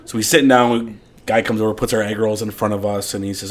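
A man telling a funny story in a casual chat, animated and cursing freely. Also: lowish voice, quick pace. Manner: animated, laughing storyteller who swears freely.

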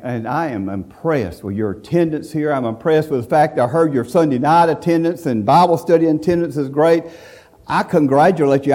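A man delivering a sermon in a folksy, emphatic, storytelling manner. His voice sits a little high for a man. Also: dark tone. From central Alabama, USA. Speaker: visiting preacher.

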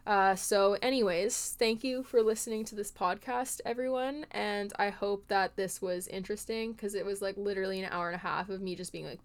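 A woman with a smooth, clear voice talks through a casual podcast monologue. She rambles earnestly and leans on filler words as she hosts the show. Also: mid-range voice, steady tone, fairly quick, hardly any pauses. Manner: rambling, heartfelt, filler-heavy speech. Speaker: podcast host and horse trainer.

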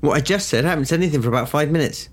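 A man's voice: a little high, very fast. A man playing a tabletop game, teasing the others in a wry, casual way. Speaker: player.

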